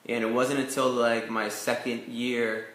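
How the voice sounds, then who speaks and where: A man's voice: mid-range voice, flat delivery, unhurried, a bit bright, roomy sound. A young man from Canada, an actor telling his career story in a casual interview, full of "like" and "you know". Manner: chatty, lots of "like" and "you know" fillers. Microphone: video call.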